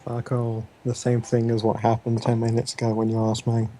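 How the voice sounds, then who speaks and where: A player in a tabletop role-play game speaks in a mellow, mid-pitched voice, making dry, sardonic remarks. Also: monotone, fairly quick, rough recording. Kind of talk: casual tabletop game talk.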